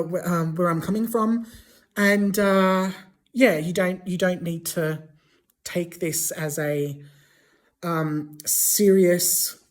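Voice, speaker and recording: Halting woman vlogger with a lowish voice. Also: a little mellow. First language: not English. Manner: halting, many fillers and restarts. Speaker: language vlogger. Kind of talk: casual explainer to camera.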